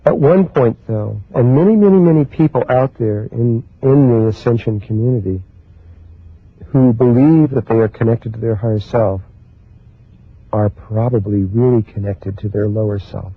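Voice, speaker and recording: A man speaks at a middle pitch with a husky, breathy edge, giving a spiritual talk. He moves slowly and haltingly through his thoughts. The sound is dry and thin, like it came down a phone line. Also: dry recording. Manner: slow, halting, with many pauses and restarts. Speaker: spiritual teacher.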